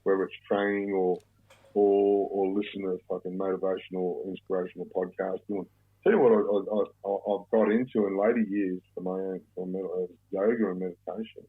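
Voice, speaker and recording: Gravelly Australian man in his fifties. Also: low-pitched, level tone, brisk. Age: 50s. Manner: blunt, swears often, rambling with many restarts. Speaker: podcast guest. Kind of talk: casual conversation. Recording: tinny phone-like sound.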